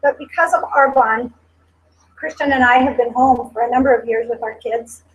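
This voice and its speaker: At a company sales meeting, a woman in her forties speaks earnestly and emotionally, her voice on the high side with a breathy edge, a steady tone, and a moderate pace. The recording's highs are cut off. She repeats her points emphatically and is tearful in places.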